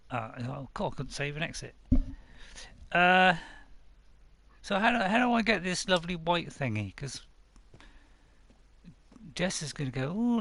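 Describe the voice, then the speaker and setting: Gravelly man streaming a game. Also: a little high, sharp tone. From United Kingdom. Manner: chatty, self-mocking, talks to viewers while playing. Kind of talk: casual live-stream commentary.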